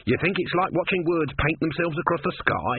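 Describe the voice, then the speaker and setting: A man's voice: a little high, lively intonation, a little fast, breathy edge, no echo, voice pushed up, full character voice. A man voicing a grumpy, sardonic little tortoise god in a storybook reading. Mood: grumbling. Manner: sardonic, snappish. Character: grumpy cynical small tortoise god, male. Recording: tinny phone-like, dry.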